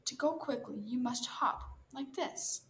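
A woman's voice: high-pitched, a little slow, a bit bright, a little hiss or hum. Woman doing a bossy, eager rabbit.

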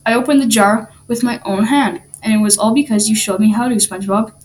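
A woman's voice: fairly high pitch, fairly even intonation, close to an everyday voice. A woman voicing a dim, sweet, childlike male starfish in a storybook reading, with a whiny, eager manner. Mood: amazed. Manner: whiny, eager, slow-witted. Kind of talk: storybook read-aloud voice.

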